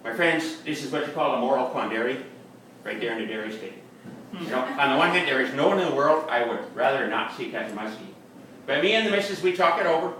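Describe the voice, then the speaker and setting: This comic character monologue has the man talking fast, his mid-range voice a bit bright and lively in intonation, close to how he'd normally speak. He plays a bragging Wisconsin fisherman telling a tall tale in broken backwoods grammar, live in a bar's upstairs room. The mic is far off, the room echoes, and there's slight background noise.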